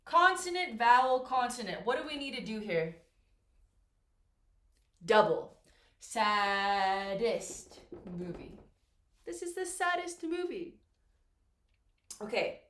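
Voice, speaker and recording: A woman teaching English grammar, explaining slowly and patiently and asking learners questions as she goes. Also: sits high, very animated, fairly bright tone. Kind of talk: slow, clear classroom explanation. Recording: echoey room with faint noise.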